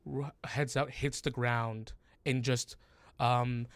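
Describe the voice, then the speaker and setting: رجل يروي لعبة أدوار ببطء وتردد. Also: male voice, medium pitch, steady tone, slow pace, dry recording. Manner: hesitant, many fillers and restarts. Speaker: game master. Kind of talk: narrating a tabletop game.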